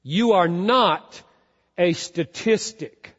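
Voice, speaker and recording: A man preaches a sermon in a high, unhurried voice, stressing and repeating key words, dropping to a hush and rising again. His voice rings through a large church hall with long reverb. The recording sounds dull and lo-fi. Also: expressive. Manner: emphatic, repeats key words, swings from loud to hushed. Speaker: pastor.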